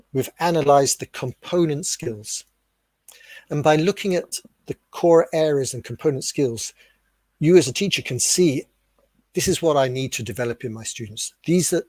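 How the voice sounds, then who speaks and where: A man with a British accent explaining ideas to teachers in a webinar, asking rhetorical questions in a steady, clear teaching tone. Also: mid-range voice, no room sound. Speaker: webinar speaker on teacher development. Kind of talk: explanatory lecture.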